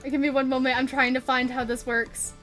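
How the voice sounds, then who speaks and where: A woman narrating as game master in a playful, laughing, unhurried way. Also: high-pitched, flat delivery, fairly bright tone, soft background music.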